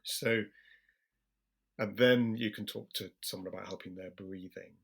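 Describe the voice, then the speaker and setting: A British man, a general practitioner, explaining things in a calm, measured way during an interview and slowing his speech on purpose. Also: lowish voice, creaky, slightly rough. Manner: calm, measured, slows deliberately for emphasis.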